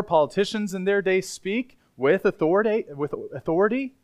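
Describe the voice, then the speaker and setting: A male pastor preaching to his congregation in a relaxed, emphatic, conversational way. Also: sits high. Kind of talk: sermon. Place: church sanctuary.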